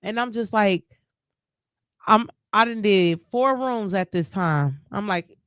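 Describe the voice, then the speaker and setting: A woman's voice: medium pitch, slow pace, fairly bright tone, clean tone, dry recording, studio quality. A grieving woman talking casually in a live stream chat, emotional and rambling, often restarting her sentences. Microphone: live stream mic.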